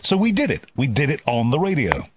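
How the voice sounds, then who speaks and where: Man from the UK, interview host, middle pitch, halting word repeats. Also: huge pitch swings, background noise. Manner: halting, repeats words as he starts sentences. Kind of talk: interview chat.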